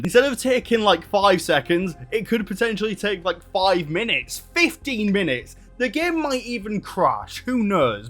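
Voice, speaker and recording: A man's voice: medium pitch, fairly bright tone. A man casually explaining game discs and storage in a home vlog, rambling and correcting himself as he goes. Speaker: gaming YouTuber. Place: home room with a console and desk.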